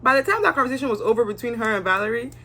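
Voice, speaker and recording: A woman's voice: on the high side, lively intonation, racing, pushed and bright. A young woman giving casual, candid commentary on a reality show, sometimes acting out the cast's lines. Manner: chatty, candid, acts out cast members' lines.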